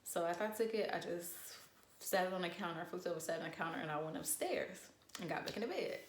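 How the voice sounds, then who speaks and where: A young woman in casual storytime chat, animated and profane, acting out what people said. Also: on the low side, fast talker, echoey room, a little hiss or hum. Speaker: vlogger.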